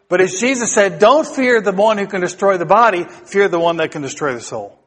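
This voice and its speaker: A man's voice: sits high, expressive, brisk, few pauses. A male pastor preaching a sermon to his congregation, building emphasis through repeated phrases and putting questions to the listeners. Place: church sanctuary. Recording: long hall reverb.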